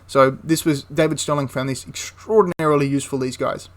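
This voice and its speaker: A man recounting a wartime episode in an easygoing, talkative way. His voice sits a little high for a man, and he often backtracks, repeats himself and adds asides mid-thought. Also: steady tone, brisk. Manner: rambling, with frequent restarts and asides. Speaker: history channel host. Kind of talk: casual history storytelling.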